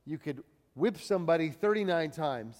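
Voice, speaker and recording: A man preaching a sermon, dramatic, rising for emphasis and dropping low and quiet. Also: animated, normal speed. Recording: long hall reverb.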